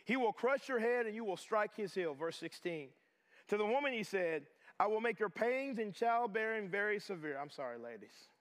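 A middle-aged pastor delivers a sermon, his voice sitting high and bright for a man. He swings between fervent loud passages and hushed, intimate asides. The sound carries a long reverb, like a large chapel hall. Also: sing-song, moderate pace.

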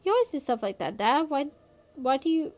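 A woman's voice: high-pitched, very animated, fairly quick, a little mellow. A woman voicing an earnest young girl. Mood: upset. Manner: pleading, eager questions.

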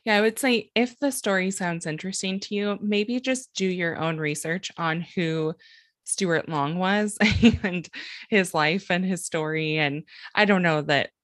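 Low-voiced woman chatting, dry sound. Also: unhurried, no room sound. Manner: agreeable, short backchannels, soft follow-up remarks. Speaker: podcast co-host. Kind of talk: casual chat.

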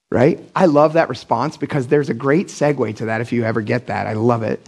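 A man's voice: medium pitch, brisk, gravelly, hardly any pauses, slightly rough. A middle-aged man from Pennsylvania preaching a casual, blunt sermon as pastor, acting out the people he quotes with big jumps in his voice. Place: church.

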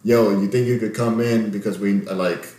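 A man's voice: on the low side, normal speed. A young man casually telling a long story in heavy slang with lots of swearing, as a podcast host. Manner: slangy, profane, animated storytelling. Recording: echoey room.

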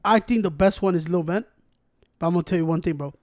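A man talks rap with his friends, switching between English and Spanish, full of slang and curses. His voice sits high and moves fast. The sound is close and dry. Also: no room sound. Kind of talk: casual chat.

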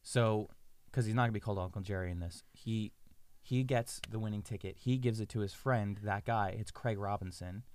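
A man co-hosting a podcast, telling a story in an animated way with quick asides. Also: on the low side, a little hiss or hum. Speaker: podcast co-host. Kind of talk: casual chat.

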